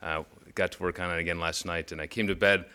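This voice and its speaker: A man's voice: deep voice, fairly even intonation, fast talker, bright, forceful tone, clear, resonant tone. A man teaching as a pastor in a casual devotional style, conversational with urgent emphatic bursts when he reads Scripture.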